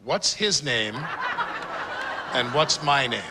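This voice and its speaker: A man's voice: mid-range voice, expressive, slow. A man giving a joking, anecdotal toast with comic timing at a tribute event. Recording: roomy hall reverb, audience and noise.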